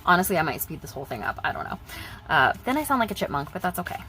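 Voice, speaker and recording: A woman's voice: fairly low pitch, very animated, racing, very noisy. A young woman chatting casually in her vlog, rambling and repeating herself as she talks about budgeting. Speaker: budgeting vlogger.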